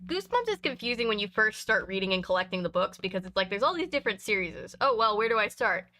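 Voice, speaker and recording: A woman from Canada reading a children's book aloud in a lively, expressive way, with chatty asides between passages. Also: medium pitch, fast. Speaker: reader and streamer. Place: home room with bookshelves.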